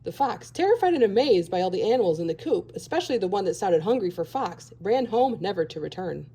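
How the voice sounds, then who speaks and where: A woman's voice: medium pitch, big pitch swings, fast, dark tone, slightly rough. A woman reading a children's picture book aloud, expressively, acting out the animal sounds. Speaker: storybook reader.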